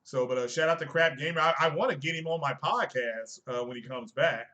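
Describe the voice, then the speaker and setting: Bright-voiced man in an emphatic gaming rant. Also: fairly high pitch, fairly quick, dull audio. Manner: emphatic, rhetorical questions, chiding the audience. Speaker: tech and gaming streamer. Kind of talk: casual live-stream commentary.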